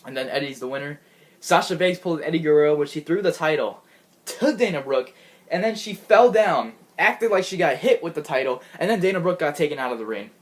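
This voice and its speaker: Speaking fairly quickly in a slightly high, animated voice, this man rambles through a casual wrestling show recap. He giggles a lot and keeps breaking off to start his sentences over.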